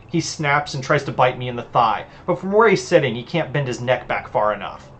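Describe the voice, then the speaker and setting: A woman's voice: very deep voice, animated, brisk, hardly any pauses. A woman novelist reading her own first-person novel aloud on a livestream, with a sardonic, punchy delivery.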